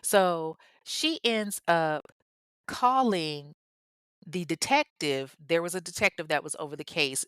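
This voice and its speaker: A woman casually telling a true crime story, animated and chatty, drifting into tangents and casual swearing. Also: lowish voice, slow, clean tone, dry recording. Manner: animated and chatty, acts out the people she quotes.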